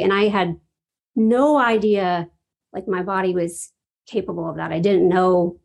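Woman, husky, casual storytelling, emotional, laughs often. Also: on the low side, unhurried, a little mellow. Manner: emotional, laughs often, acts out her own reactions. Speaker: event participant sharing her story.

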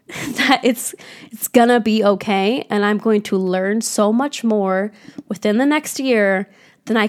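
A young adult woman hosting a casual solo podcast, talking candidly and reflectively, swearing freely as she encourages herself and her listeners. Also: mid-range voice. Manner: candid and heavily profane. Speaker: podcast host.

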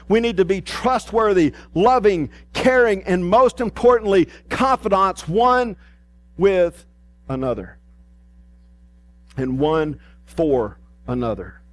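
Male pastor, lively pulpit delivery, voice a touch high. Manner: animated preaching, rising emphatic and dropping soft. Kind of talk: sermon.

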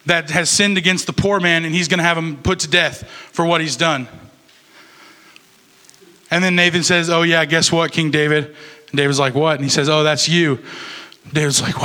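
Bright-voiced young male youth pastor. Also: on the high side. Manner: casual, conversational preaching with fillers. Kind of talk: sermon.

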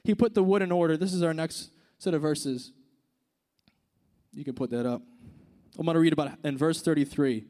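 A man preaching a casual, conversational sermon, dropping to hushed tones and rising to emphatic points. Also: a little high, normal speed, pauses often.

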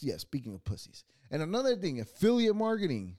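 A man's voice: on the high side, huge pitch swings, brisk, dark tone, dry recording, studio quality. Young guy ranting on his podcast, cussing and laughing at people, voice all over the place. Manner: profane, mocking, laughs often. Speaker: podcast host. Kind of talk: casual ranting monologue.

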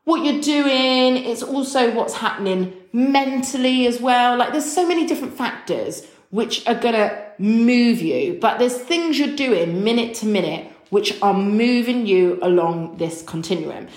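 A woman's voice: mid-range voice, roomy sound. A woman hosting a podcast, talking frankly and emotionally in a chatty way. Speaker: podcast host. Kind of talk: candid solo podcast talk.

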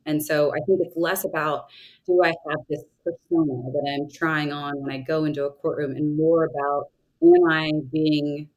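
Low-voiced woman lawyer reflecting earnestly. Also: a little mellow, rough recording. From Southern United States. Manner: thoughtful, earnest, with frequent restarts. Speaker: trial lawyer, podcast guest. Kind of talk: reflective conversational interview answers.

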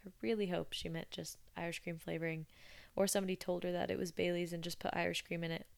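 A woman's voice: on the low side, flat delivery, fast talker, vocal fry. A young woman hosting a podcast, chatting casually and with amusement as she retells odd customer stories. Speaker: podcast host. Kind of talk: casual storytelling monologue.

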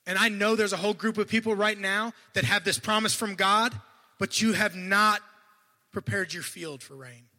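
A man preaching a sermon in a church, animated, swinging between loud bursts and quiet asides, and he sometimes stutters and restarts. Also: sits high, moderate pace, in a large hall. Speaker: guest preacher.

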